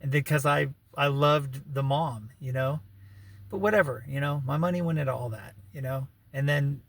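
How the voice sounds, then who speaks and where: Gravelly, rambling man telling a story. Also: mid-range voice, normal speed. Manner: rambling, frequent "you know" and "right"; wry laughing asides. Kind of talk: casual storytelling vlog. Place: living in his vehicle.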